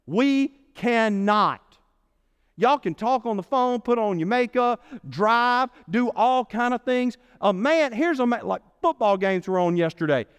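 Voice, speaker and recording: A male pastor delivers a lively sermon in a church sanctuary, weaving jokes into an old story. His voice sits high and smooth. The room's long reverb trails every phrase. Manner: animated storytelling preacher, playful asides.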